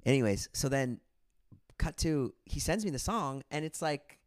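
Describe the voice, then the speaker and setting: A man's voice: medium pitch, expressive, normal speed, no echo, clean studio sound. A man in his forties hosting a podcast, telling stories animatedly and swearing freely. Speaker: podcast host. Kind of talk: casual chat.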